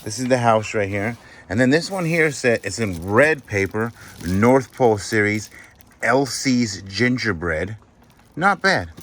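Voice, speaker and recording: A man vlogging as he sorts a storage unit find, chatting excitedly and appraising each item aloud. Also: fairly low pitch, unhurried, a little hiss or hum. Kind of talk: casual show-and-tell commentary.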